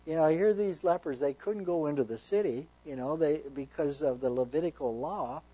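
A man's voice: fairly high pitch, moderate pace, dark tone, poor audio. A man, a pastor, teaching a sermon verse by verse, conversational and earnest, reading scripture aloud with emphasis.

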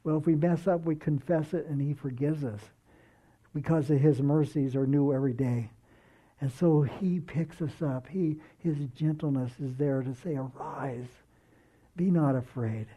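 A man preaching a sermon in a slow, earnest way, dropping soft and low when he quotes. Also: poor audio.

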